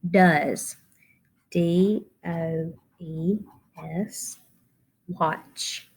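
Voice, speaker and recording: Slow-spelling woman teacher. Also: lowish voice. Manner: slow, sounding out letters one by one. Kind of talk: spelling lesson for children.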